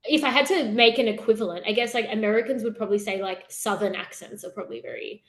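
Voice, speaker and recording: A woman's voice: mid-range voice, fairly even intonation, fast talker, fairly bright tone. A young woman with an Australian accent, chatting casually as a podcast guest, giggling often and filling her talk with "like" and "I guess". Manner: giggly, chatty, many fillers. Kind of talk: casual interview chat. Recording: roomy echo.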